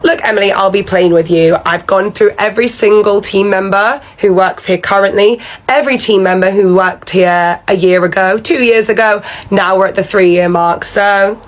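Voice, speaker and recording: A woman's voice: mid-range voice, normal speed, few pauses, lightly acted. A woman doing a pushy, condescending pub manager. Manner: pushy, condescending, self-important. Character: bossy entitled female pub manager, pushy.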